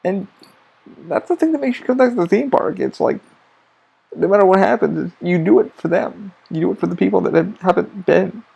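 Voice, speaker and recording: A man hosts a podcast, telling rambling stories about his theme park job in a casual, emphatic monologue full of profanity. His voice is high-pitched, creaky, slightly rough and a little mellow, fairly quick, and the sound is lo-fi.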